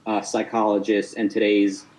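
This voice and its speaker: A man argues his side in a casual debate call. He talks haltingly, stumbling over repeated words and restarting his sentences as he presses on. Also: fairly low pitch, monotone, a little mellow, poor audio. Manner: hesitant, stammering, many restarts.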